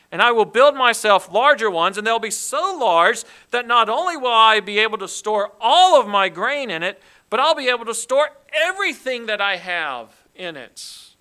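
A man acting out a boastful, greedy rich man in a sermon, speaking loudly and with gloating emphasis. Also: high-pitched, clean tone, pitched above the performer's own voice, heavily acted.

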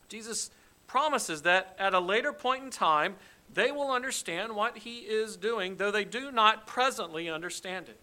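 A man's voice: high-pitched, normal speed, pushed and bright. A man preaching an expository sermon, emphatic and dramatic, acting out the quoted lines with rising force. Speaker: pastor.

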